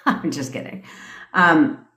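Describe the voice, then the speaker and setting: A woman's voice: sits low, bright, forceful tone. A middle-aged woman who is a manifestation coach, talking in a blunt, profane, casual livestream rant. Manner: blunt and profane, with lots of swearing. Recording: echoey room.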